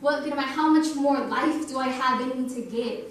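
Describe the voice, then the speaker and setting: A young woman gives a testimony sermon in a conversational way, acting out the dialogue she quotes. Her voice is high, and it sounds distant, picked up from across a very echoey hall. A faint hum of room noise sits under it. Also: moderate pace. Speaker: youth night speaker.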